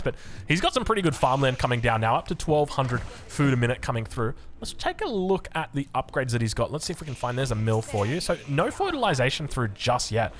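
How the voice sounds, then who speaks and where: A man's voice: medium pitch, slight background noise. A young Australian man giving chatty, enthusiastic commentary on a strategy game match, wandering into rambling asides. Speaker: game caster. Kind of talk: esports commentary.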